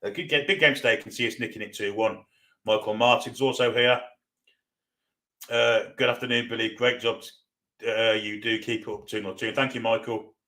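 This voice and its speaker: Reading viewer comments aloud on a live football watchalong stream, this North East England host with a Geordie accent banters casually with his audience. He has a steady, bright, forceful medium-pitched voice and keeps a moderate pace.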